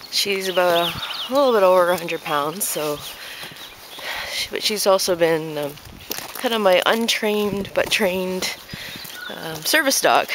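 A woman talking casually to the camera while walking her dog outdoors, a little out of breath and rambling with lots of fillers. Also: lowish voice. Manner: rambling, chatty, many fillers. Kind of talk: casual walk-and-talk vlog. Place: outdoors in a neighborhood park. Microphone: handheld camera while walking. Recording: noisy outdoor camera audio. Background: outdoor noise.

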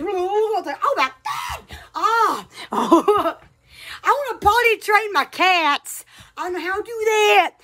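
A woman's voice: extremely high pitch, a bit bright. A woman vlogging in a rambling, casual way, giggling and exclaiming often. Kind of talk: rambling casual vlog chat.

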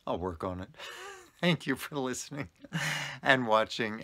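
A man hosting a storytelling vlog, telling an anecdote in an expressive way with frequent laughter. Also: on the low side, a little slow, creaky, pauses often. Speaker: storyteller host.

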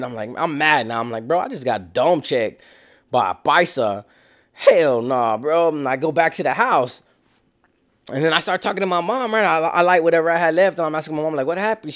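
A young man casually telling a story in an animated, slangy way, acting out sounds and voices. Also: fairly high pitch.

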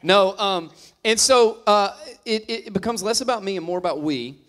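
Man, pastor, high voice, joking sermon, playful storyteller. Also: normal speed, a bit bright. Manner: joking, teasing storyteller addressing the crowd. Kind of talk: humorous sermon.

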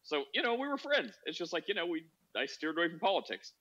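A man's voice: sits high, very animated, fast, bright, forceful tone. A man casually telling a long anecdote on a podcast, rambling and filling his talk with "like". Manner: rambling, heavy use of "like" fillers. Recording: dull lo-fi audio.

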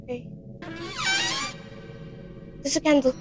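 High-pitched, swearing horror gamer woman. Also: steady tone, slow, mellow, faint music behind. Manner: swears a lot, jumpy and rambling. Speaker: gaming channel host. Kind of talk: horror game commentary.

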